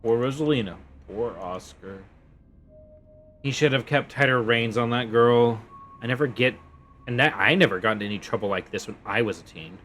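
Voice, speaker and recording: A man's voice: mid-range voice, normal speed, fairly bright tone, faint music behind, lightly acted. A man voicing a stern, tired young woman from a story game, reading her lines in a clipped, weary way.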